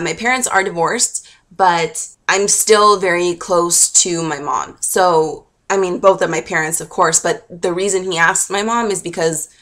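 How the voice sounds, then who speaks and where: A woman's voice: fairly low pitch, pushed and bright. A young woman vlogger telling a personal story in a gushing, emotional, chatty way with lots of fillers. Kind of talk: casual storytelling to camera.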